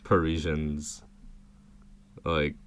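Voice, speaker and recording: A young man co-hosting a podcast, relaxed and agreeable in casual chat. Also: rumbling low, drawn-out words, clear, resonant tone. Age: young adult. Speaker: podcast co-host.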